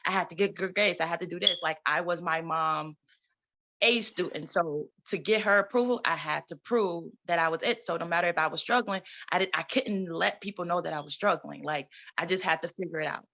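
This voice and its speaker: A woman's voice: on the low side, brisk, pushed and bright, dull audio. A woman guest in a conversational interview, talking emphatically, repeating herself and laughing often. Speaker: guest, trauma recovery coach and community founder.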